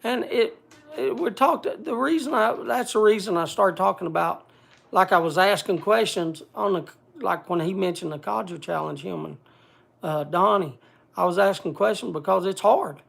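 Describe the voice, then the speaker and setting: Gravelly man talking bluntly, halting. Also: high voice, a bit bright. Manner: blunt, halting, many restarts and fillers. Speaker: speaker addressing a group gathering. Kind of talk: casual heartfelt talk.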